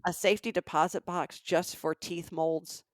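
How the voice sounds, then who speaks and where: A woman's voice: on the low side, steady tone, moderate pace, no room sound, studio quality. A middle-aged woman from Alabama co-hosting a casual comedic podcast, telling stories and asking emphatic rhetorical questions. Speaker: podcast co-host.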